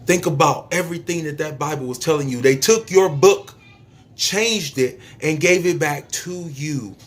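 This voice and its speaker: A man delivering a spiritual preaching monologue to his viewers, emphatic and repetitive, stretching out phrases and suddenly dropping to a soft near-whisper. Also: a little high, normal speed. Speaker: YouTube speaker.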